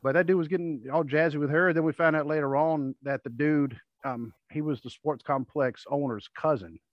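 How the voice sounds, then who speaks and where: At a moderate pace and in a steady tone, a podcast host with a fairly high voice rambles through tales in a laid-back chat, acting out what others said. The audio comes across dry, dull and lo-fi.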